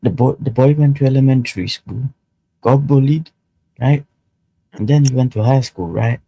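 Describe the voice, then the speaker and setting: A man's voice: mid-range voice, moderate pace, gravelly, mellow, breathy edge, dry recording, low-quality recording. A man co-hosting a stream, telling stories in casual chat and repeating his words.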